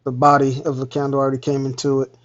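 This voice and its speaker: A man's voice: medium pitch, completely flat delivery, fast talker. A man casually explaining trading chart levels as he points them out on screen. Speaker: trading educator. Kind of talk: live screen-share trading walkthrough. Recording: dull lo-fi mic.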